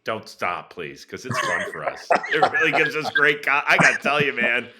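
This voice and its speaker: A man hosting a casual sports interview, animated and joking as he prompts his guest. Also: medium pitch, normal speed, noisy background. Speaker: podcast host.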